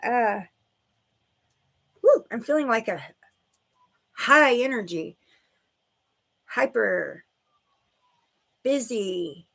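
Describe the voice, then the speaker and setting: Bubbly, animated woman doing a psychic livestream. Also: fairly high pitch, very slow, gravelly, long pauses. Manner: bubbly, giggly, lots of "like" and "okay". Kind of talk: casual livestream reading.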